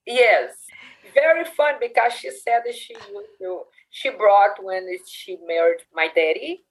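Animated Brazilian woman with accented English. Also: medium pitch, a little slow, breathy edge, low-quality recording. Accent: Brazilian Portuguese. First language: Portuguese. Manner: animated, laughs often, acts out family dialogue. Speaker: interviewee. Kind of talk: casual interview.

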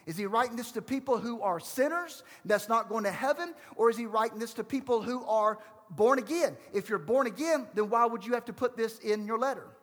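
A man's voice: extremely high pitch, brisk, fairly bright tone. A man around forty, a pastor preaching a sermon and quizzing the congregation with emphatic rhetorical questions. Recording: long hall reverb.

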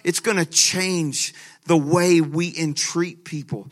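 A man pastor preaching a sermon, telling a lively story with laughter and frequent restarts. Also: a little high, takes it slowly.

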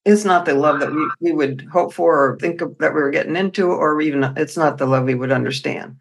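A woman's voice: low-pitched, a little fast. A woman hosting a podcast, asking questions and giving brief, supportive affirmations. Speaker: podcast host. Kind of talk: conversational interview.

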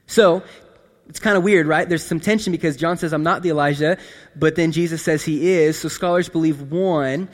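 A man preaching a casual sermon in a conversational, animated way, often checking in with his listeners. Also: fairly high pitch, moderate pace. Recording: long hall reverb.

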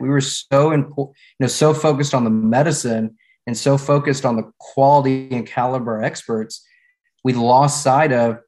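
A middle-aged man, a former managing partner of a law firm, telling stories in a podcast interview with easy laughs and repeated restarts. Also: mid-range voice. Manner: relaxed storyteller, laughs and repeats words.

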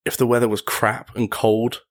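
A man's voice: medium pitch, little pitch movement, moderate pace. A young man chatting casually as a podcast guest, telling rambling stories with frequent laughs and lots of "like". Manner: rambling, laughs often, heavy use of "like". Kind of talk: casual storytelling chat.

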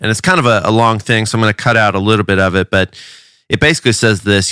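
A man's voice: on the low side, quick pace, bright, forceful tone, smooth, no room sound, clean studio sound. A man from a church giving a casual devotional talk, earnest and conversational, often restarting his words.

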